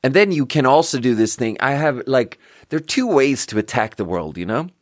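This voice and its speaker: A thirties podcast host rants comedically and casually, mocking himself, swearing often, and hopping from thought to thought. His medium-pitched voice swings widely and moves at a brisk clip, recorded at studio quality with no room sound.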